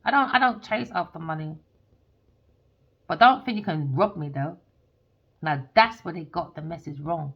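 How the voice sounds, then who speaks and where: A woman's voice: low voice, lively intonation, normal speed, long pauses, husky. A woman, a tarot reader ranting heatedly and swearing in a monologue. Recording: dull lo-fi recording.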